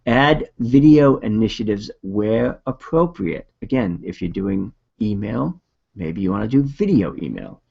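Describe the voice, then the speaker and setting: A man's voice: lowish voice, very animated, unhurried, vocal fry, darkish tone, husky, lo-fi sound. A man with a Boston accent presenting a video marketing webinar in a casual, upbeat coaching manner.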